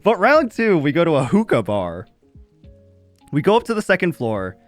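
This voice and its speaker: A young man streaming tells his chat a casual story, animated and laughing often, swearing freely. His voice is a little high and his pace moderate, with faint music playing behind him.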